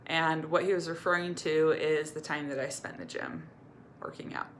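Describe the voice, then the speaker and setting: A woman's voice: low-pitched, fairly even intonation, normal speed, slight background noise. A woman recovery coach giving candid, earnest personal advice to camera. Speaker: eating disorder recovery coach.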